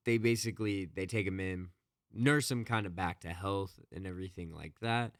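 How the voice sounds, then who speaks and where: Deep-voiced man rambling through a retelling. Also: dry recording, studio quality. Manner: rambling, many fillers and restarts. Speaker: podcast co-host. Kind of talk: casual chat retelling a book.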